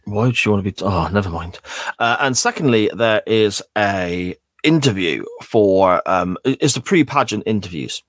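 A man co-hosting a podcast, calmly retelling the story step by step. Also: on the low side, moderate pace, dry recording, clean studio sound. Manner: steady, methodical retelling with small restarts. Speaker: podcast co-host. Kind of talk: casual recap chat.

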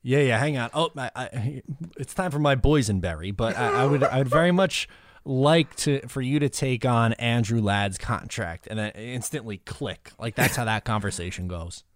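A man's voice: mid-range voice, normal speed. A man co-hosting a casual podcast chat, joking and teasing. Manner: lively, joking, mocking. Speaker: co-host.

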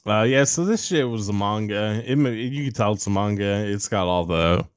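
A man's voice: on the low side, expressive, normal speed, clean tone, no echo, clean studio sound. A man in casual chat, rambling loosely through a movie review with lots of filler words and the odd curse. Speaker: podcast co-host reviewing a movie.

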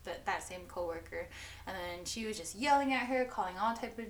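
A woman's voice: mid-range voice, brisk, very noisy. Giggly woman in a roomy space. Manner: giggly, animated, lots of "like". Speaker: podcast co-host. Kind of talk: casual chat, storytelling. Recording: roomy echo.

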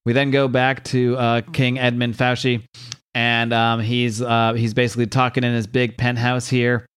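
A man's voice: medium pitch, little pitch movement, normal speed, a bit bright, clean tone, dry recording, clean studio sound. A man casually recapping a comic series as a podcast co-host, rambling, laughing often and reading quotes in put-on voices. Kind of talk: casual chat.

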